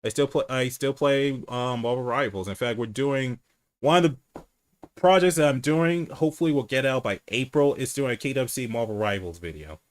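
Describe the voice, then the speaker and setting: On a laid-back livestream, the male host chats frankly and swears freely. By his own account he speaks low and tends to ramble and restart, and here he talks at a normal speed.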